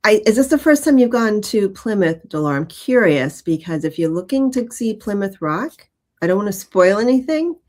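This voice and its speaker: A woman's voice: mid-range voice, very animated, normal speed, darkish tone. A woman co-hosting a casual live-stream show and teaching mediumship, making light asides with laughter.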